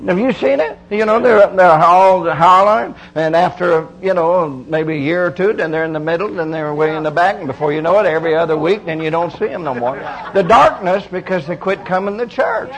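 High-voiced man preaching a folksy sermon. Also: a little fast, hardly any pauses, a little hiss or hum, rough recording. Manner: folksy, emphatic preaching with repeated phrases.

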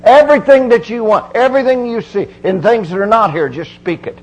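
A middle-aged preacher giving a folksy, emphatic sermon full of repeated phrases. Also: male voice, high voice, brisk, darkish tone, slight background noise, poor audio.

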